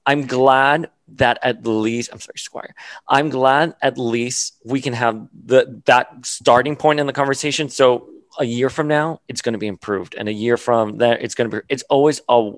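A man's voice: medium pitch, steady tone, moderate pace, dry recording. A man co-hosting a casual podcast, talking animatedly with lots of fillers and restarts. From Miami area. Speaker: podcast co-host. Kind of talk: casual chat.

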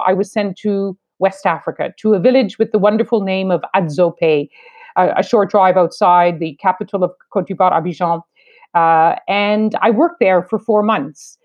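Canadian woman, fifties, measured wry interviewee, mid pitch, slightly muffled sound. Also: a little mellow. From New Brunswick, Canada. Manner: measured, wry, deliberate phrasing. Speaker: foreign correspondent, guest. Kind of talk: reflective interview talk.

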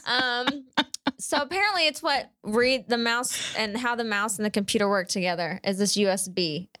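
A woman's voice: on the high side, normal speed, sharp tone, no echo. Rambling woman telling a story, dry sound. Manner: rambling storyteller, lots of "like" and restarts. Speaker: podcast co-host. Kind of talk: casual chat.

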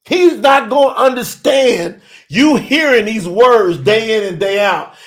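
A man preaching an urgent sermon, shouting and pleading with his listeners. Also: high voice, animated, measured pace. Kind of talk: fiery sermon.

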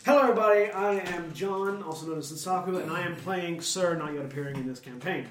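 A man hosting a tabletop game podcast, upbeat and quick, restarting his sentences now and then. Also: high voice. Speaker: podcast host and player. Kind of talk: casual tabletop podcast intro. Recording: echoey room, distant mic, faint hiss.

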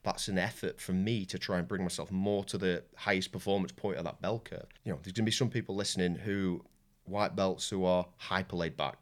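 A man's voice: low voice, fairly even intonation, fairly quick. A man with a Yorkshire accent, a jiu-jitsu coach and guest on a podcast, telling candid stories in casual talk, with frequent restarts and swearing. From Yorkshire, England.

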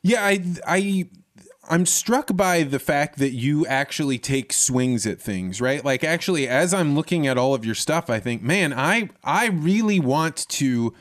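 A man's voice: medium pitch, lively intonation, measured pace, no room sound. Curious man interviewing in a dry room. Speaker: podcast host. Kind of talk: casual interview.

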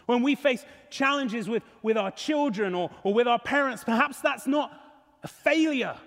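A man's voice: extremely high pitch, normal speed, fairly bright tone, in a large hall. A male pastor preaching a sermon in a church, earnest and emphatic. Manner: earnest, emphatic, rising and falling.

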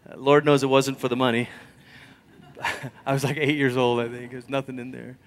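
A man preaching a sermon, telling stories conversationally and swinging from loud emphasis to near whispers. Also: mid-range voice, flat delivery, moderate pace. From Malaysia. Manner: storytelling, conversational. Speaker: pastor.

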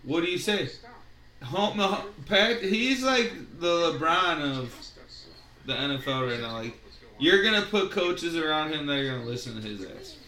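A man in casual podcast chat, blunt and swearing, reacting fast to the others. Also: fairly high pitch, lively intonation, sharp tone, roomy sound.

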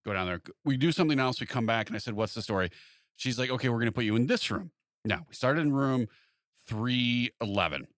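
A man's voice: medium pitch, fairly quick, dry recording, studio quality. A man chatting casually, telling a long anecdote and acting out both sides of the conversations in it. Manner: animated anecdote-telling, acts out quoted exchanges. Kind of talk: casual chat.

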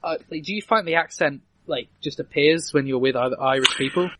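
English young podcast co-host, fast talker with a somewhat high voice, dry close sound, keen and stammery. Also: male voice, noisy background. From England. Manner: enthusiastic, talkative with stammered restarts. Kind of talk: casual chat.

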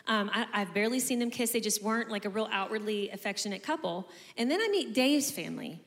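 A woman's voice: medium pitch, animated, fast talker, a bit bright, big-room sound. A woman in her forties, co-hosting a casual conversation in a chatty way full of "like" and "you know". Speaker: co-host.

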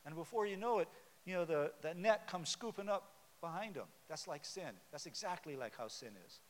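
A man's voice: a little high, expressive, fairly quick. A man preaching a sermon in a church sanctuary, talking conversationally and quizzing the congregation with questions. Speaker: pastor. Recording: long hall reverb with faint hiss.

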